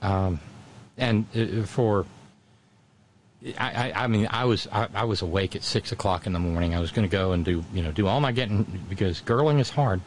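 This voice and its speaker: A chatty male radio host who stumbles through his sentences, restarting and repeating words as he tells a story. His tone is wry and self-deprecating. A faint hiss sits under his voice. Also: fairly low pitch. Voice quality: halting, stammering restarts. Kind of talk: casual on-air chat.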